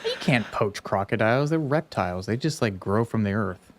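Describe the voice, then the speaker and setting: A man's voice: fairly low pitch, animated, normal speed, noisy background. A man co-hosting a podcast, joking in easy, laid-back banter. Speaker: podcast co-host. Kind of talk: casual chat.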